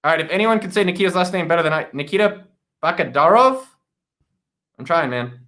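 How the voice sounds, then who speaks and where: Upbeat, bright-voiced male livestream host. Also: on the high side, a little fast. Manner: energetic, joking shout-outs to viewers. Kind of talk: casual live office-hours chat. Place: home studio in a guest room.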